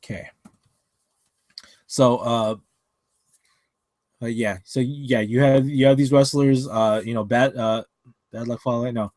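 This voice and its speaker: A man's voice: medium pitch, steady tone, unhurried, pauses often, a little mellow, no echo. A man co-hosting a casual wrestling podcast over an online call, rambling with many fillers and restarts. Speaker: podcast co-host.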